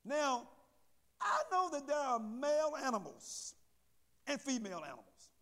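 A man preaching a sermon, reading scripture slowly and with emphasis, and often asking the congregation if they are still with him. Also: very high voice, wildly swooping pitch, a bit bright, big-room sound. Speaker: pastor.

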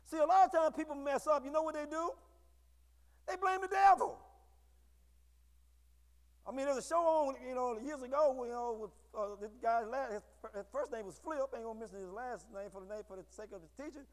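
High-voiced preaching man in an echoey hall. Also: a little fast. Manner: call-and-response preaching, rising to shouts. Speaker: pastor. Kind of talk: sermon. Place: church sanctuary.

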